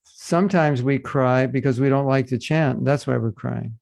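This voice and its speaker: A man's voice: medium pitch, normal speed, creaky, darkish tone, dry recording. A man teaching a devotional class, earnest and addressing listeners with rhetorical questions. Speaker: spiritual teacher.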